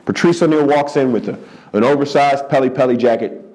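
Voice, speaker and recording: A man from the Philadelphia area, around forty, a stand-up comedian telling a story in an interview in a lit studio. He repeats words for emphasis and keeps the telling lively and animated. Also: a little fast. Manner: animated, repeats for emphasis, jumps into high-pitched voices for quoted people. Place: studio under hot lights.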